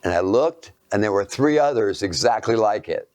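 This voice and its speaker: A man lecturing through a personal anecdote, halting and self-mocking, dropping into hushed asides. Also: lowish voice, animated, dry recording.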